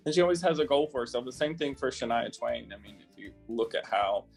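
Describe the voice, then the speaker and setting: A man's voice: medium pitch, lively intonation, fast, vocal fry, slightly rough, faint music behind. A man from South Carolina, a guest in a casual interview, talking chattily with lots of fillers and laughs. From South Carolina, USA.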